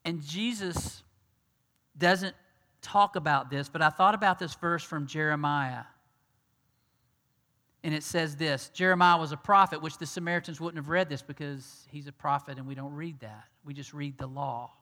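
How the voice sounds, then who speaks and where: Bright-voiced preacher in a reverberant hall. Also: male voice, fairly high pitch, normal speed. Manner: conversational, acts out dialogue, shifts from loud to hushed. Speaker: pastor. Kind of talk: sermon.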